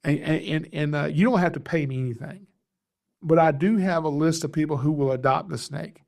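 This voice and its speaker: A man, hosting a podcast and telling a story in a casual, animated way, laughing at himself often. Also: on the high side, fairly quick, gravelly. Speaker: podcast host, reptile rescuer.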